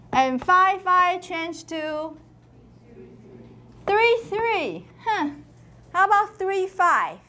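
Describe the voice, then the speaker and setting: Brief: female lecturer, high voice, unhurried classroom delivery, chants syllables to demo tones. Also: bright, forceful tone. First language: Taiwanese. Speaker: university lecturer.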